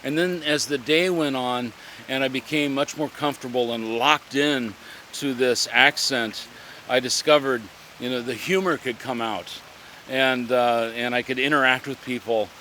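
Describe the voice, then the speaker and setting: A man, a living history reenactor, talking in a reflective interview in an earnest, halting way as he searches for words. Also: medium pitch, steady tone, sharp tone, a little hiss or hum.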